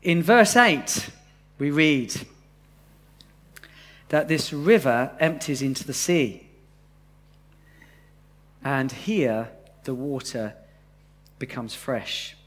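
A man's voice: medium pitch, animated, extremely slow, pauses often, fairly bright tone. A man preaching a sermon to a live congregation in a conversational way, often asking them questions.

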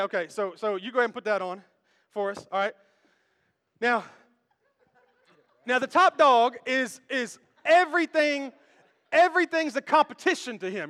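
High, bright-voiced joking preacher man. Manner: playful and conversational, joking with the congregation. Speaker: pastor. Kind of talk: sermon. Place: church stage. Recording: echoey hall with long reverb.

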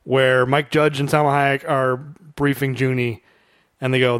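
A man co-hosting a casual film discussion podcast, chatty and quick to laugh as he quotes lines. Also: mid-range voice, little pitch movement, smooth, no echo, studio quality. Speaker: podcast co-host.

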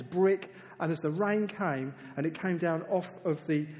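A man preaching a sermon in a lively, conversational way, dropping to soft, emphatic tones for key points. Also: fairly high pitch, unhurried, hardly any pauses. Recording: reverberant hall.

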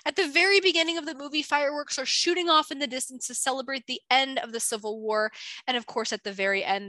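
A woman's voice: high-pitched, bright, forceful tone, no room sound. A woman co-hosting a podcast, chatting casually and animatedly about science, with lots of filler words. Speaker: podcast co-host.

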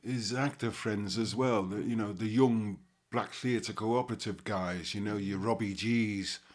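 A Scouse man in his sixties from Liverpool, England, an actor appearing as an interview guest, reminisces in a low, unhurried voice. He rambles casually, sprinkling in "you know what I mean."

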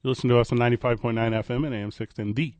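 A man hosting a morning sports talk radio show from a studio, bantering in a quick, joking way. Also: mid-range voice, dry recording, muffled recording. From American Midwest. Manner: animated, quick, joking delivery. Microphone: studio microphone.

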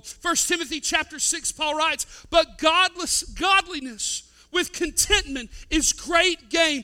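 Male pastor, 30s, high bright voice, dynamic sermon delivery swinging loud to hushed. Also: smooth.

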